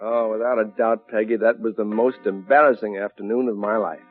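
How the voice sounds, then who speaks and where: An actor playing a flustered, glib professor husband in a 1950s radio sitcom. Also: male voice, on the low side, steady tone, soft background music, natural voice. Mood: wry. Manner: flustered, fast excuses. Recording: tinny old radio broadcast, dry.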